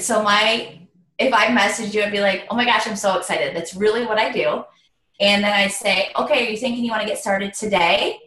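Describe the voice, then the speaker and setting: An upbeat woman coaching her team over a video call, her voice at an ordinary middle pitch. The sound is roomy and echoey, like a webcam mic in a bare room. She talks in an encouraging, motivational way. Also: steady tone, a little fast, a bit bright. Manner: upbeat, motivational, addresses listeners as you guys. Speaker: direct sales team leader. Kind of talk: training call on video chat.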